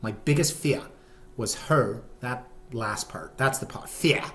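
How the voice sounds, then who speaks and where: A man's voice: medium pitch, measured pace, lightly acted. A man putting on a fake British accent, talking hesitantly with many ums and self-mocking asides. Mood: jokey.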